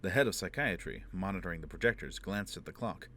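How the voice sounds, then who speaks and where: A man with a low voice narrates a novel at an even, measured pace. Faint hiss sits under the recording. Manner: steady, measured storytelling with voiced dialogue. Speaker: audiobook reader. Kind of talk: scripted narration.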